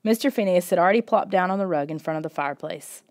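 A woman reading a children's storybook in the first person, steady and expressive. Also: on the low side, fast talker. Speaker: audiobook reader.

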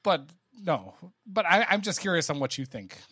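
Excitable man with a dry, close sound. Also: fairly high pitch, moderate pace, husky, no room sound. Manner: animated, stammering restarts. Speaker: podcast co-host. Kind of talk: casual sports podcast chat.

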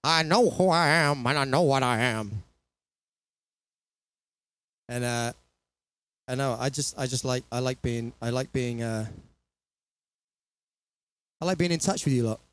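A man's voice: medium pitch, a little slow, pauses often, a bit bright, no echo. A man chatting casually and rambling between songs as he performs for an online audience from his small home studio. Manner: rambling, chatty, laughs at himself.

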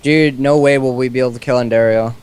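A man's voice: mid-range voice, fairly even intonation, quick pace, darkish tone, slight background noise. Young man explaining game controls. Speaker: gamer co-host. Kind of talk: casual gaming chat.

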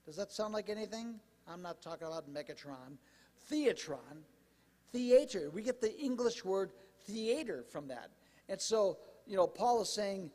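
Animated high-voiced male pastor preaching. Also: big-room sound. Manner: animated, conversational preaching with asides. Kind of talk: sermon. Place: church sanctuary.

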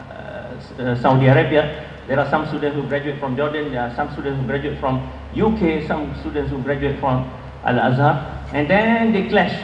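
A man giving an earnest academic lecture at a conference, emphatic and pausing with fillers. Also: fairly high pitch, slight background noise. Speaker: conference speaker. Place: large lecture hall. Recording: echoey hall, far from mic, dull.

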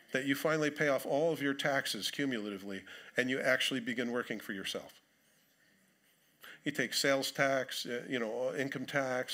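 A man's voice: mid-range voice, pushed and bright. A man preaching a sermon in a church, reading scripture aloud and breaking off into conversational, dryly humorous asides. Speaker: pastor. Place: church sanctuary.

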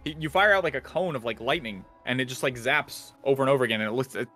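A man hosting a casual gaming podcast, rambling and animated, swearing casually. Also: medium pitch, fast talker, faint music behind. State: out of breath. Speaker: podcast host.

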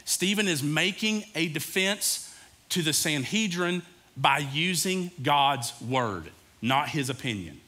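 A man's voice: a little high, pushed and bright. A male pastor preaching a sermon in a casual, conversational way, talking directly to his congregation.

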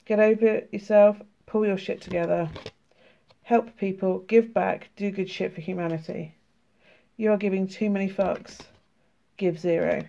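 British woman vlogger with a sore throat, gravelly, casual and laughing, swears a lot; lo-fi home recording. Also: medium pitch, fairly even intonation, measured pace, dark tone. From United Kingdom. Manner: chatty and laughing, swearing freely. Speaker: tarot and oracle card vlogger. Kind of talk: casual card flip-through, reading cards aloud.

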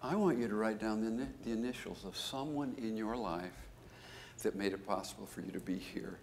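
A man, a business school professor, giving a conference keynote as an animated storyteller who jumps into high, emphatic bursts. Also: a little fast, creaky, slight background noise.

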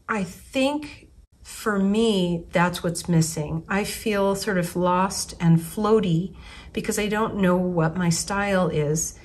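Rambling woman thinking aloud. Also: lowish voice. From United States. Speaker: artist. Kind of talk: casual spoken reflection.

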